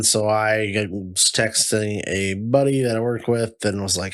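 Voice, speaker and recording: A man hosting a podcast, telling an animated, profane story full of "like". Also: fairly low pitch, a little slow. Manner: animated, profane, heavy use of "like". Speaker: podcast host. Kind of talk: casual storytelling chat.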